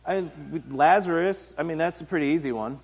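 A man's voice: on the high side, fairly quick, husky. A man giving a casual, conversational sermon, retelling Bible stories in everyday speech. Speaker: pastor and teacher. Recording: reverberant hall.

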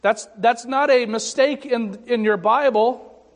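A man preaching a sermon as pastor, slow and deliberate with dramatic pauses and wry, self-deprecating humor. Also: very high voice. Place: church sanctuary. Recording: echoey sanctuary reverb.

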